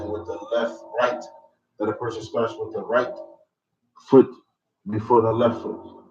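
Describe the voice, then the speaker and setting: This male Islamic studies teacher has a lowish voice and a flat, measured delivery broken by frequent pauses. Teaching from a religious text, he reads passages in Arabic and follows each with an English explanation, stumbling with many hesitations. The audio comes across as far off, full of echo, muffled and noisy.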